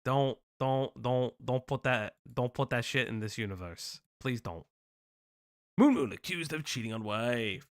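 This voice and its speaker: A young man hosting a casual live stream, reading news aloud with animated, profane joking asides. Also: medium pitch, unhurried, clear, resonant tone. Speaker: stream host.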